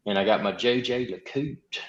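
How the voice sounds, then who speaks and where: A man's voice: medium pitch, moderate pace, a bit bright. A man joining a livestream as a guest, talking casually and explaining his point at length. His voice sits in a middle range. The remote audio is roomy and dull, like a lo-fi connection with echo around him. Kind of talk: casual chat.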